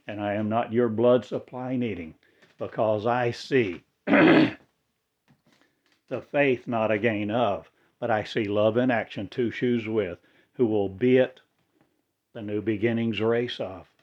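A man delivering a rambling spiritual monologue in halting, oddly inverted phrasing. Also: lowish voice, steady tone, a little mellow, lo-fi sound.

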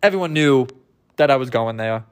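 A man's voice: medium pitch, animated, moderate pace, clear, resonant tone. A man hosting a podcast, telling a rambling, self-mocking comic story and acting out the people in it. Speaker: podcast host. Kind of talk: rambling comedic monologue.

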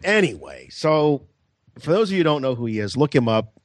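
A man co-hosting a podcast, telling a story in a casual, animated way with laughs and acted-out voices. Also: medium pitch, fairly quick, no room sound. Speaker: podcast co-host.

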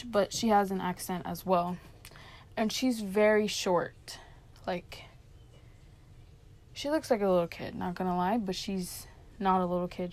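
A young woman casually telling a long story about her fast-food job, chatty and full of fillers, quoting her coworkers as she goes. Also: medium pitch, darkish tone.

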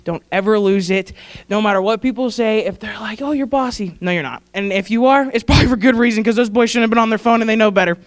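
A woman's voice: mid-range voice, quick pace. A young woman giving a heartfelt, rambling tribute at a church service, laughing and fighting back tears. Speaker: church staff speaker honoring graduates.

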